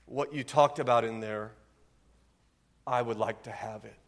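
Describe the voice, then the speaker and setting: A man voicing a quiet, downcast young man who speaks in a hushed, soft voice, heard with long reverb in a large hall. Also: medium pitch, fairly even intonation, a little slow, voice pushed down, close to an everyday voice. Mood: quiet, solemn.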